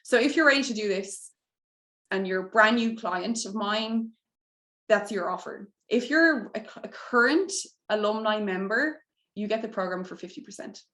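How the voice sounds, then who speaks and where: A young adult woman coaching a live online masterclass, pitching her program warmly and getting emotional as she talks. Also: normal speed. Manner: heartfelt, gets emotional, breaks into tears and laughter. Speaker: mindset coach hosting a masterclass. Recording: echoey room.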